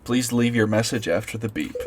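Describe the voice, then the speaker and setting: A man voicing a middle-aged father's slow, formal voicemail greeting. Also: medium pitch, crowd noise, lightly acted.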